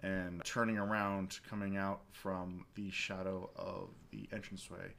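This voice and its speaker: A man's voice: sits low, level tone, measured pace, gravelly, a bit bright, slight background noise. A man running a tabletop fantasy game as game master, narrating in a loose, chatty way with fillers.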